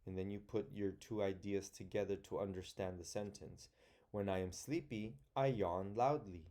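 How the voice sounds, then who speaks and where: A male teacher with a lowish, mellow voice leads young children through a phonics lesson. He talks slowly and patiently, sounding words out letter by letter and reading sentences aloud in chunks. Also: steady tone.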